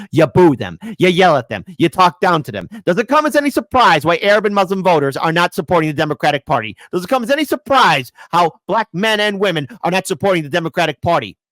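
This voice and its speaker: A man's voice: on the high side, fairly bright tone, dry recording. A man hosting opinionated political commentary, combative and sarcastic, speaking into a close mic.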